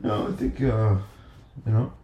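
A man co-hosting a podcast, speaking in a hesitant, halting way as he searches for words. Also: fairly low pitch, little pitch movement, highs cut off, a little hiss or hum. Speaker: podcast co-host. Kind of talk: casual chat.

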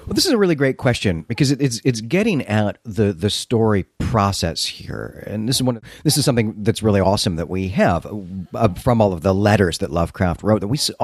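A man co-hosting a podcast, retelling a story and discussing it in a lively, dramatic way. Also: fairly low pitch, dry recording. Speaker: podcast co-host.

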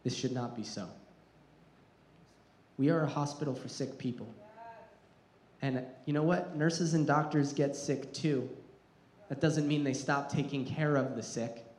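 A man's voice: medium pitch, steady tone, measured pace, pauses often, darkish tone, roomy sound, poor audio. A man preaching a sermon as pastor, earnest and building in intensity, sometimes repeating words as he restarts.

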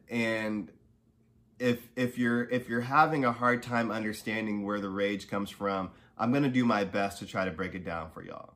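Speaking at a moderate pace in a fairly low, steady voice that's a bit bright, this podcast host relates his own story. He keeps it conversational with many "you know" and "right?" asides, and he grows heated once he's angry.

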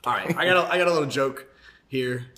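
A young man chatting casually as a podcast co-host. His voice is bright and forward. He talks loosely with plenty of ums and easy laughter. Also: mid-range voice, quick pace. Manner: laid-back, lots of fillers, laughs while telling a joke.

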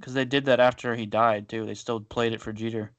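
Chatting casually on a podcast he co-hosts, a man trades baseball trivia, relaxed and heavy on filler words. His medium-pitched voice stays level and runs a little fast, captured in a muffled recording without echo.

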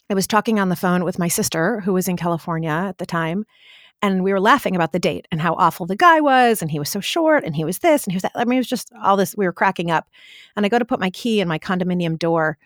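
A woman in her forties telling her life story in an interview, an animated storyteller who often says "like". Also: medium pitch, no room sound, clean studio sound. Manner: animated, vivid storyteller with frequent "like" fillers.

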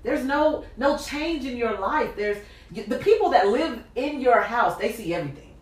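A woman's voice: on the high side, moderate pace, far from the mic. A woman hosting a casual faith talk, telling a personal story with lots of acted-out dialogue and laughter. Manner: animated storytelling, acts out dialogue, laughs often. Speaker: podcast host. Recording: echoey room, off mic.

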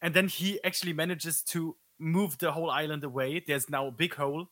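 Excitable bright-voiced man on a podcast. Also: a little high, fairly quick, no room sound. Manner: excitable, full of fillers and restarts. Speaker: podcast co-host. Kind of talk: casual movie discussion.

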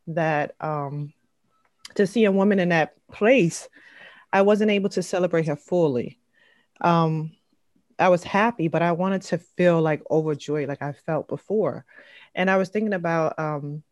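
A woman's voice: fairly low pitch, a little mellow, no room sound. A woman in her thirties chatting casually about her week on a video call, full of "um" and "like" and acted-out quotes. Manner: chatty, fillers and trailing "like", acts out quotes. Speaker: mom sharing her week. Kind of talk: casual group chat.

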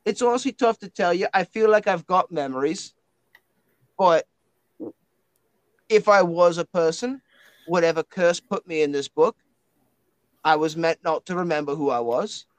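A man's voice: high-pitched, normal speed, pauses often, no echo, voice pushed up, natural voice, rough recording. A man voicing a male spirit trapped in a talking book, stammering and calling everyone mate. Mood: uncertain.

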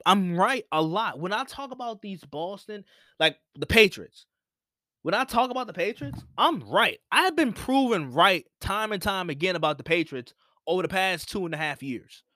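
A man's voice: high voice, big pitch swings, normal speed, bright, forceful tone, no echo, clean studio sound. A man hosting a sports podcast, talking casually and repeating his points for emphasis. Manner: opinionated, repeats himself for emphasis. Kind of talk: casual solo sports talk.

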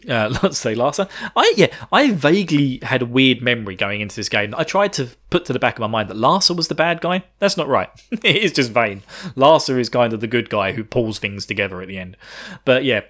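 A man's voice: medium pitch, expressive, fairly quick, fairly bright tone. Irreverent man recapping a game. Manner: irreverent, swearing, chuckling asides. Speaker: podcast host.

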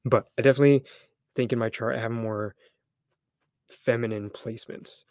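A young man hosts a casual solo podcast, talking candidly and loosely, thinking aloud with restarts, a little embarrassed yet encouraging. His mid-range voice is a little mellow, with fairly even intonation and a moderate pace. The recording is dry and studio quality.

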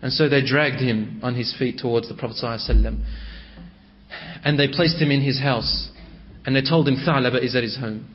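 A man's voice: mid-range voice, fairly quick. A man telling a religious story in a dramatic, emotive way, on a dull recording.

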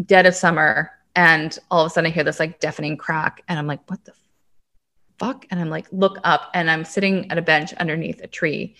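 A woman's voice: fairly low pitch, a bit bright. A woman in her thirties from Canada, a podcast guest and intuitive coach telling her own story in a chatty, casual way, swearing freely and saying "like" often.

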